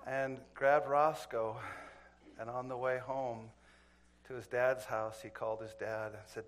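A man's voice: mid-range voice, fairly even intonation, a little slow. A man preaching a sermon, telling a story in a folksy, chuckling way and speaking to the crowd as folks.

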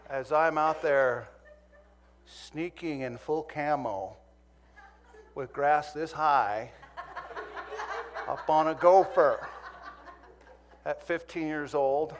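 A man's voice: fairly high pitch, drawn-out words, pauses often. A man from Montana preaching a sermon, telling a humorous personal story that turns earnest. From Montana, USA.

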